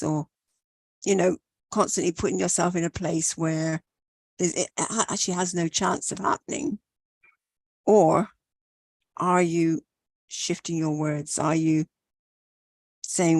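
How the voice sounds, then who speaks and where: A woman giving a motivational talk in a steady way, asking reflective questions. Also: fairly low pitch, a little slow, pauses often, dry recording. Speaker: talk show co-host.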